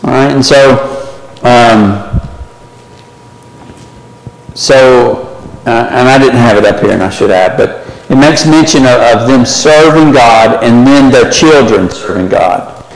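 A man's voice: medium pitch, slow. Male Bible study teacher, chatty and questioning, recorded in a big reverberant hall. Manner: conversational, asks the class questions, frequent "right?". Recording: echoey hall from far off.

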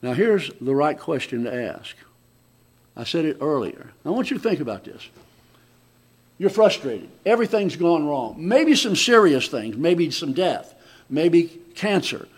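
A man preaches a sermon in a high voice. He talks in a loose, conversational way, often stumbling and restarting. His delivery swings from loud emphatic lines to quiet asides. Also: very animated, measured pace, husky.

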